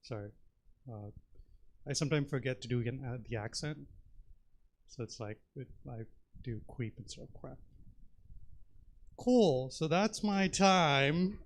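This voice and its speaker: A man's voice: medium pitch, moderate pace, pauses often, a little mellow. A man from India doing a stand-up comedy set on a theater stage, talking in a chatty, rambling way with plenty of fillers.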